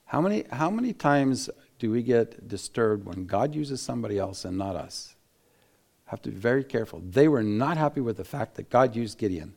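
An animated man teaching the Bible as a sermon, with a mid-range voice. He breaks into laughter and acts out what people said, restarting his sentences often. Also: medium pitch, moderate pace, vocal fry. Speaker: preacher.

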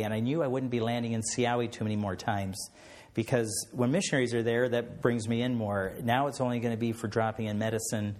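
A man's voice: medium pitch, darkish tone. A middle-aged man, a missionary pilot, tells a church about his mission work and then leads a closing prayer, hesitating often with fillers and restarts.

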